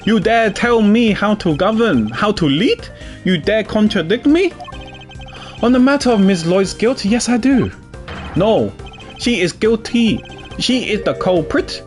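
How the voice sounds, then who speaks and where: A man's voice: high-pitched, big pitch swings, measured pace, faint music behind, voice pushed up. A man voicing an arrogant, domineering male president in a video game, reading his lines with imperious scorn. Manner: imperious, scornful, barking commands. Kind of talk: reading game dialogue aloud on a stream.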